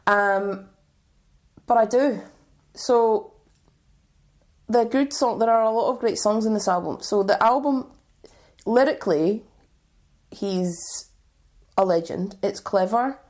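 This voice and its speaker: A woman co-hosting a relaxed music podcast, her voice sitting at an ordinary middle pitch. She chats easily and reads out lists from her notes, filling the gaps with ums. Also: slow pace, long pauses. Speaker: podcast co-host. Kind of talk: casual podcast chat.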